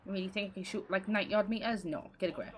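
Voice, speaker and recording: A woman's voice: medium pitch, rapid-fire, a little hiss or hum. A woman livestreaming a video game, chatting casually and giggling, calling people lovely. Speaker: gaming livestreamer.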